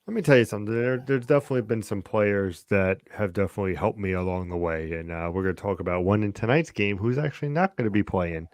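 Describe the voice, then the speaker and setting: A man co-hosting a casual fantasy football chat, excitable and animated, with loud bursts. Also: on the low side, quick pace, few pauses, no room sound, studio quality. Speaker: co-host.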